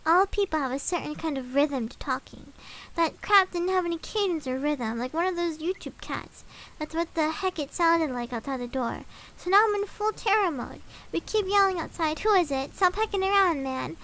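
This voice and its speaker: Very high-voiced woman reading a scary story. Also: lively intonation, moderate pace, fairly bright tone. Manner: swaps swear words for milder ones, adds chatty asides. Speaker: streamer reading a story aloud.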